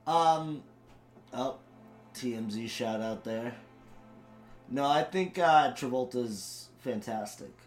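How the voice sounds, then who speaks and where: A man's voice: medium pitch, slow, pauses often, soft background music. Profane, enthusiastic man podcast guest. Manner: enthusiastic, swears freely, rambling restarts. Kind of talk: casual chat.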